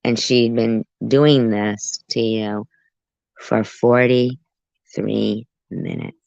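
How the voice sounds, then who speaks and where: A woman's voice: very deep voice, steady tone, drawn-out words, vocal fry, darkish tone, dry recording. A woman hosting a reaction commentary, talking back at a clip with sarcastic, mocking asides. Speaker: commentary channel host. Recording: muffled lo-fi audio.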